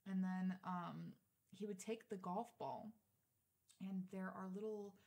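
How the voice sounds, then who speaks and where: Animated young woman telling a story. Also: mid-range voice, slow, creaky. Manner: animated, swearing freely, acts out quotes. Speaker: podcast co-host. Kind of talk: casual chat, storytelling.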